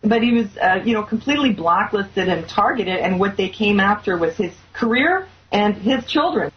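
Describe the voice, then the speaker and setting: A woman hosts a talk show, retelling a story in an earnest, filler-laden way. Her pitch sits in the middle, and the recording sounds slightly dull and lo-fi. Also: lively intonation, moderate pace. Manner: earnest, recounting with many fillers. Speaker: host.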